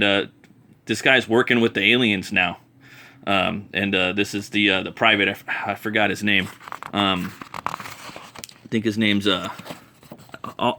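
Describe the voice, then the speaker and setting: A man's voice: on the low side, pushed and bright. A man casually reviewing comic books, rambling enthusiastically with many fillers and restarts.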